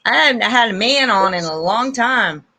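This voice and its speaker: An effusive woman hosts a casual spiritual chat with a bright, forceful voice pitched a little high. She talks openly and emotionally, often turning to her viewers as "you guys.". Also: animated, normal speed. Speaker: host of a live panel stream.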